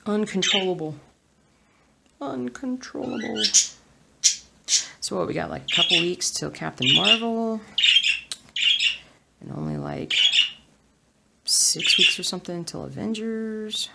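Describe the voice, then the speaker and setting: A woman chatting casually at home while she stitches, soft-spoken and often half-whispering her asides. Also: lowish voice, measured pace, gravelly, pauses often. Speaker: cross-stitch vlogger. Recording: steady background noise.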